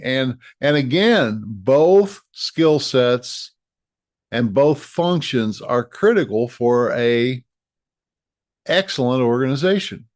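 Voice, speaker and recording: A man's voice: medium pitch, animated, takes it slowly, dry recording, studio quality. A middle-aged man giving a coaching talk on leadership, earnest and given to repeating and restarting his phrases. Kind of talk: direct-to-camera coaching talk.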